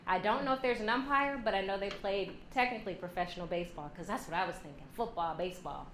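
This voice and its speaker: A woman giving a lively workshop talk to a women's leadership class, joking and acting out quoted voices. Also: mid-range voice, fast. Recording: echoey room, faint hum.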